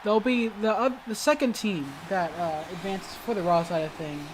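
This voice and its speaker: A woman commenting play by play on a wrestling video game, calling the moves with sudden excited exclamations and frequent hesitant fillers and self-corrections. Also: medium pitch, moderate pace, noisy background. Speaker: gaming video host.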